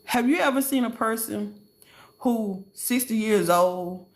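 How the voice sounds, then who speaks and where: Passionate preaching woman podcast host. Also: unhurried. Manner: emphatic, passionate, with big rises in pitch; casual, informal speech. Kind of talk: preaching-style testimony.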